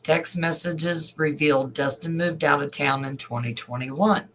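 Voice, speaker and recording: A man's voice: on the high side, fairly even intonation, a bit bright, slight background noise, rough recording. A man reading a news story aloud and adding emotional asides as an online commentator. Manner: slow, emotional asides between read passages.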